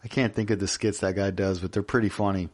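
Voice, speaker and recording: A man's voice: sits low, steady tone, fast. A man co-hosting a podcast in casual chat, joking and rambling with lots of restarts. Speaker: podcast co-host.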